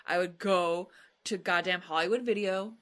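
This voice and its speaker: A woman in her thirties with a bright, forward voice gushes about her favorite horror film. She co-hosts a podcast in loose chat, laughing often and swearing with delight. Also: lowish voice, steady tone, normal speed. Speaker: podcast co-host. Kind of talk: casual movie-review chat.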